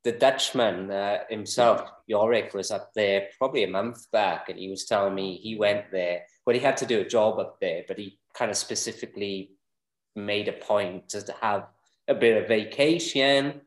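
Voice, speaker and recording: Low-voiced rambling podcast co-host, roomy sound. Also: male voice, moderate pace. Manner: rambling, chuckling, full of fillers. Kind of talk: casual chat.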